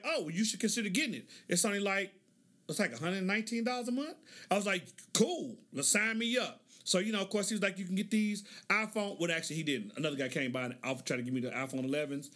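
A man's voice: high-pitched, bright, forceful tone. A middle-aged man hosting a casual monologue, telling stories in a laid-back way, laughing often and acting out the lines of the people in them. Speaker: podcast host.

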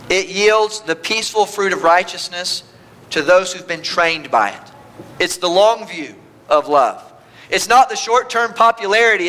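Bright, high-voiced male preacher. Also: moderate pace. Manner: emphatic preaching, voicing God in first person. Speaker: pastor. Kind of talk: sermon.

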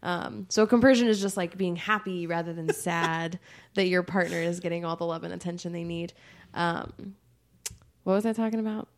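A woman's voice: lowish voice, moderate pace. Chatty woman co-hosting a podcast. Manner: chatty, animated, swears casually, acts out quotes. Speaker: co-host. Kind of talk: casual podcast chat.

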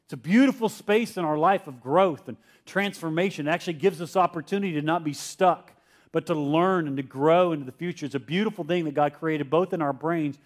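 A man's voice: fairly high pitch, brisk. A male pastor giving a conversational sermon and asking his congregation questions. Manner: acts out Peter's confused voice.

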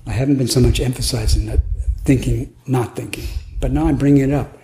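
A man's voice: medium pitch, fairly even intonation, a little fast, warm tone. A man giving a Zen dharma talk at a retreat, musing aloud in a playful way and laughing now and then. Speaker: Zen teacher. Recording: echoey room, faint noise.

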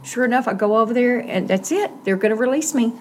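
A woman's voice: on the high side, animated, fast talker, darkish tone, a little hiss or hum. A middle-aged woman, earnestly telling a personal story in an interview and acting out the voices she quotes.

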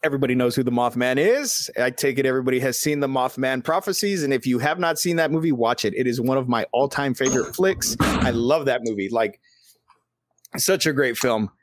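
A man hosting a podcast, telling stories in a casual, animated way and swearing constantly. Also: mid-range voice, fairly quick, dry recording, studio quality. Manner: animated, heavily profane. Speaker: podcast host. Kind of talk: casual storytelling chat.

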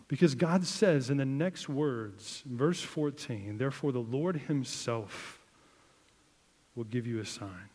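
Man, pastor, conversational sermon, emphatic then hushed, mid pitch, long hall reverb. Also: slow pace. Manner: conversational preaching, lots of "like", rising to emphatic and dropping to hushed.

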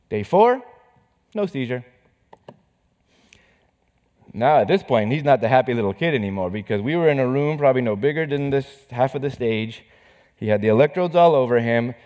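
A man preaching as a pastor, telling a personal story with emotion, moving from hushed words to forceful emphasis. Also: mid-range voice, expressive, fairly quick. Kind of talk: sermon storytelling. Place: church stage. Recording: reverberant hall.

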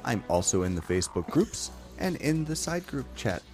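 A man's voice: mid-range voice, very animated, normal speed, darkish tone, soft background music. A man co-hosting a podcast, rambling cheerfully as he thanks the listeners. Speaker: podcast co-host. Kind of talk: casual group chat sign-off.

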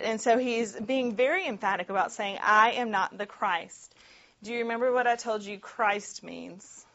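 Woman Bible-study teacher, mid-pitched, chatty with frequent laughs, slightly muffled recording. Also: fairly bright tone. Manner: chatty and conversational, often laughing, with many "like" and "right?" asides. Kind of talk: casual Bible teaching to a group.

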